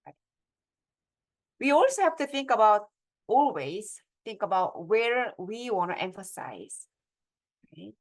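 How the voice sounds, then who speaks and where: A woman's voice: medium pitch, big pitch swings, slow pace, pauses often. Woman lecturing on writing. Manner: explains step by step, asks the audience checking questions.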